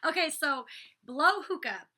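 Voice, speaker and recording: A woman's voice: sits high, sing-song, unhurried, pushed and bright. A woman in her twenties chatting through a casual vlog recap, saying "like" and "you know" a lot. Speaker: reality show cast member recapping an episode.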